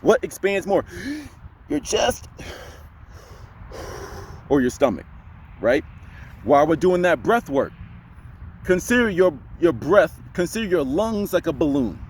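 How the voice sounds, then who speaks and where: A young man giving casual voice advice to camera, emphatic and full of rhetorical questions, sometimes dropping into a deep voice to demonstrate. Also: big pitch swings, unhurried, pauses often, slight background noise. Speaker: voice coach vlogger.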